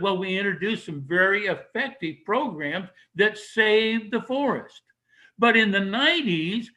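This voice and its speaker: A man's voice: sits high, bright, forceful tone, low-quality recording. An older man giving a public talk, emphatic and argumentative, asking questions and answering them himself. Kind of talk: public speech to an audience.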